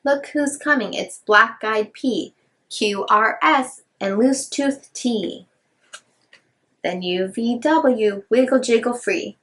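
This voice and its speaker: A woman's voice: fairly high pitch, slow, a bit bright. A woman reading picture books aloud to young children in a sing-song, rhyming way, chatting a little between books. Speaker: children's storyteller.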